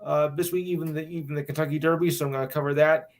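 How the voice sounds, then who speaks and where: A man's voice: on the high side, little pitch movement, fast. A man who hosts a podcast, promoting it in a casual chat, hesitant with many fillers. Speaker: podcast host.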